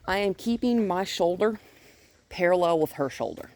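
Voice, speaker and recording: Low-voiced woman training a dog. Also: moderate pace, no room sound. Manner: explains calmly, then cheers the dog in a high sing-song. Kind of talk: outdoor training lesson. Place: outdoors.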